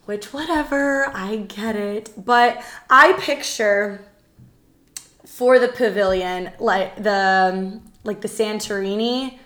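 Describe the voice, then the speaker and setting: A woman co-hosting a casual podcast chat, animated and rambling with lots of fillers. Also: mid-range voice, takes it slowly. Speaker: podcast co-host.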